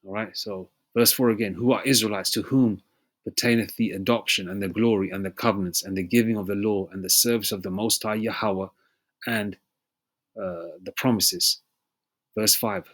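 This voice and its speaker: A man with a somewhat low voice delivers a loose, conversational sermon. He stresses his points emphatically and keeps checking in with "okay?" He reads scripture slowly and clears his throat between passages. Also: fairly even intonation, a bit bright. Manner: emphatic, repeats "you know?" and "okay?" often. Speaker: preacher. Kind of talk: informal sermon with scripture reading.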